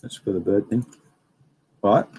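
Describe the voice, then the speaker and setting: A man's voice: on the low side, measured pace, mellow, a little hiss or hum, poor audio. A young man hosting a casual livestream, rambling and reading out viewer comments. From Australia. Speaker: livestream host.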